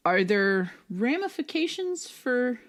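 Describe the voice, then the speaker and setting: A woman's voice: fairly high pitch, sing-song, slow. A woman co-hosting a podcast in casual chat. She talks in a wry, chatty way with a lot of filler words and some swearing. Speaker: podcast co-host.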